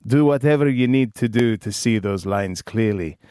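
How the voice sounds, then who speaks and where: A man calmly narrating woodworking instructions step by step. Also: on the low side, moderate pace, clear, resonant tone, no room sound, studio quality.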